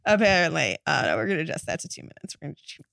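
A blunt host who swears casually and directs improv scenes. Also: female voice, low-pitched, sing-song, very fast, gravelly, fairly bright tone, no room sound, clean studio sound. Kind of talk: casual chat.

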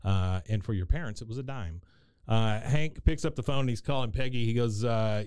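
Host, male, smooth clear voice, easygoing recap, lots of "uh"s. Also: medium pitch, moderate pace, darkish tone, dry recording. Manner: meandering, filler-heavy storytelling. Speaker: podcast host. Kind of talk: casual episode recap chat.

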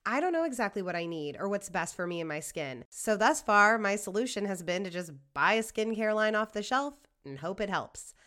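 A woman's voice: medium pitch, expressive, a little fast, few pauses, sharp tone. A woman reading a sponsor ad on a podcast in an upbeat, personal way. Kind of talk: read sponsor ad.

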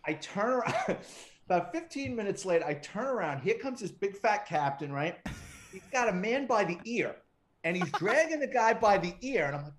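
Animated, profane middle-aged man storyteller. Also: high-pitched, a little fast. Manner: profane, animated anecdote-telling with quoted dialogue. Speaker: retired police detective, guest. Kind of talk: casual storytelling interview.

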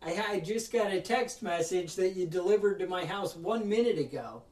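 A man with a high voice tells a story in a worked-up, ranting way, putting on the voices of the people in it. He sits back from the mic in a roomy space, so the sound carries some echo. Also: expressive, moderate pace, a little mellow, recorded from a distance. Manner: ranting storyteller, acts out other people's lines. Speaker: podcast host. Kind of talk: casual podcast chat.

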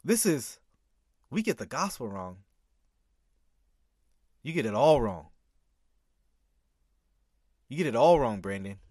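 A man gives animated reaction commentary, pushing back on a preacher with emphatic repeats and bursts of laughter. His pitch swings widely as he argues. The sound is dry and close. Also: takes it slowly, pauses often, breathy edge, no room sound. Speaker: commentator reacting to a sermon clip. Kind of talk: reaction commentary with scripture reading.

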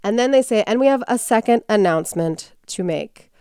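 A woman hosts a casual storytelling podcast, slipping into quoted voices and filler words as she goes. Her voice is smooth and clear, and the recording is dry and close. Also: mid-range voice, a little fast, no echo. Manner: chatty, animated, with many fillers and quoted voices. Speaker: podcast host.

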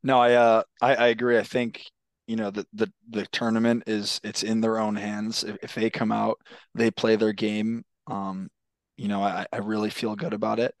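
At a moderate pace and in a level tone, a young man with a fairly low voice hosts a casual sports podcast. He's easygoing, swearing now and then and frequently repeating himself as he talks. No echo is audible.

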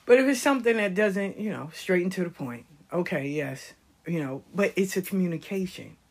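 A woman's voice: lowish voice, expressive, normal speed, darkish tone, breathy edge. An older woman with nine grandkids, talking casually and passionately about life lessons, often dropping her voice to a whisper. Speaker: speaker giving life advice. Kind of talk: casual storytelling monologue.

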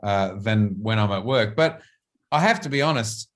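A man's voice: fairly low pitch, expressive, normal speed, fairly bright tone. A middle-aged man with an Australian accent, an actor answering interview questions in a thoughtful way and often repeating words while he looks for the phrasing. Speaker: actor guest.

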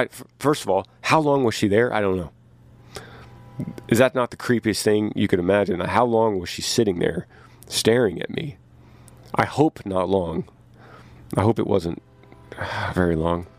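A man who tours as a musician, telling a story in a casual podcast from his tour bus, getting animated as he recounts his confusion. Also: unhurried, pauses often, no room sound. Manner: animated, rises in pitch when recounting confusion. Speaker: touring musician. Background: train passing.

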